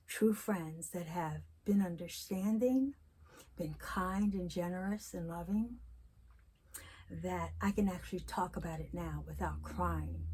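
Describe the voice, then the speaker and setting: A woman in her sixties talking candidly in a personal vlog, telling stories and reflecting slowly. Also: fairly low pitch, a little mellow, breathy edge. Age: 60s. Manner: candid storytelling, slow and reflective. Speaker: vlogger.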